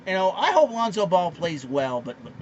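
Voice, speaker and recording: A man rants about sports news as a podcast host, getting indignant and stacking up fillers and repeats. His voice sits high and leaps around a lot. The recording is dull and lo-fi with a faint hiss underneath. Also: moderate pace. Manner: excitable, indignant, repeats himself with many fillers. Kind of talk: ranting sports commentary monologue.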